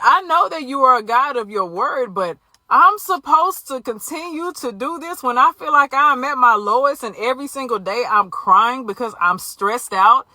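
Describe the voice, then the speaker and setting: A woman's voice: on the high side, bright, forceful tone, dry recording. A woman giving an earnest, conversational faith testimony straight to her viewers. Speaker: Christian vlogger. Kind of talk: candid faith testimony to camera.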